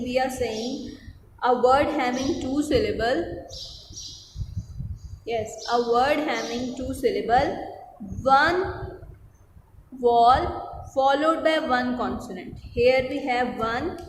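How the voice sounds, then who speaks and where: A woman explains spelling rules in a recorded online lesson. She repeats herself patiently and mixes in Hindi-Urdu. Her fairly high voice rings in a roomy, reverberant space with a faint hum underneath. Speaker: online English teacher. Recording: echoey room with hum.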